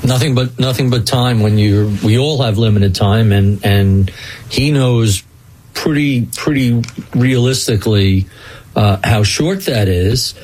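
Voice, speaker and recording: Husky-voiced male radio host. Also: mid-range voice, a little mellow, low-quality recording. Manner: measured, thoughtful, wraps up with thanks. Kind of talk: radio interview.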